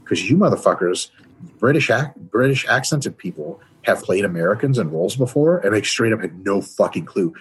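A man's voice: on the low side, animated, fairly quick, slight background noise. A man, a guest on a casual podcast, talking with profanity and emphasis.

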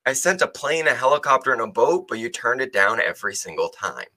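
A man voicing God in a parable, explaining calmly and matter-of-factly. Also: medium pitch, brisk, full character voice.

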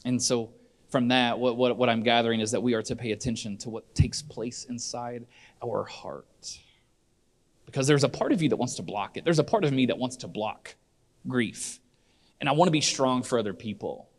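A man's voice: medium pitch, moderate pace. A middle-aged man preaching a sermon in church, earnest and conversational, often restarting his sentences. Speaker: pastor.

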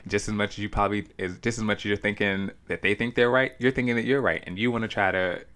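A man, co-hosting a podcast in casual chat and retelling stories with lively mimicry. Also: on the low side, quick pace. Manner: animated storytelling, mimics others. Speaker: podcast co-host.

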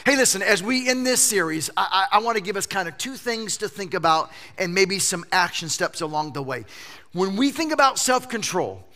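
Man preaching, high bright voice, swings all over, animated and joking. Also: moderate pace. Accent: Southern US. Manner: animated storytelling with jokes. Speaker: pastor. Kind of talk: sermon.

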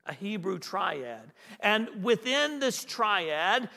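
A man's voice: high-pitched, lively intonation, unhurried, pushed and bright, in a large hall. A man preaching as a guest pastor. He repeats key phrases for emphasis and asks the congregation questions in a conversational way. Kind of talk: sermon.

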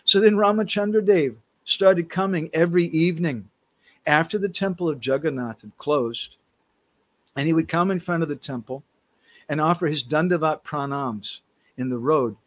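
A man with a fairly high voice guides listeners through a devotional tale as their pilgrimage tour guide. He tells it as a lively story and acts out the quoted characters. The sound is dry and close. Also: normal speed, no echo.

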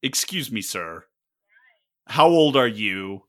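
A man playing a tabletop game with a dry, deadpan delivery. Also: fairly low pitch, takes it slowly. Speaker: player.

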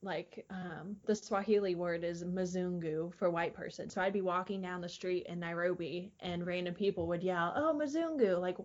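A young woman appears as a podcast guest, telling stories in casual conversation and rambling with lots of fillers and frequent laughter. Her fairly low voice is flat and moderately paced, with hardly any pauses. She's on a studio microphone in an air-conditioned recording room, and the audio sounds dull.

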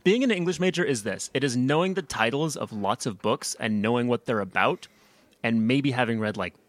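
A young man from the States chats casually as a podcast host, rambling through fillers and restarts. His voice sits at an ordinary pitch, recorded close and dry with no room sound. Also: lively intonation, fairly quick, dry recording. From United States. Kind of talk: casual chat.

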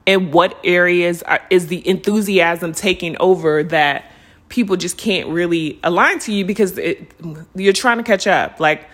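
A woman hosting a spiritual podcast, talking casually and earnestly to her listeners, calling them y'all and unicorns. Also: lowish voice. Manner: earnest and lively, stretching words when urging listeners to slow down. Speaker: podcast host. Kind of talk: reflective spiritual podcast monologue.

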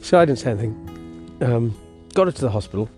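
A man with a relaxed, mellow voice tells a meandering story for his podcast, restarting sentences and breaking off to coax his dog along. He records outdoors on a walk with a portable mic. Faint music plays behind him. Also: mid-range voice, brisk. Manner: rambling, self-interrupting, chatty with his dog. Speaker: podcast host. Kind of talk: casual storytelling monologue.

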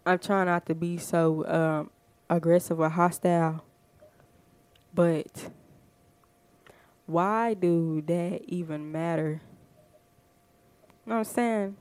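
Fired-up woman ranting, smooth voice. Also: on the low side, steady tone, takes it slowly, pauses often, darkish tone, no echo. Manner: fired-up, emphatic, frequent "you know what I'm saying". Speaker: podcast host. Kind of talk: casual monologue.

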